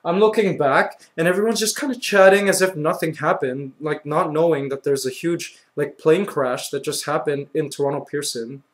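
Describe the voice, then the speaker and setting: A young man vlogging, telling a story with excitable, acted-out reactions and lots of "like" and "you know". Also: on the high side, moderate pace, few pauses. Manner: excitable, acts out his own reactions with sudden loud outbursts; peppers speech with "like" and "you know". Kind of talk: animated storytelling.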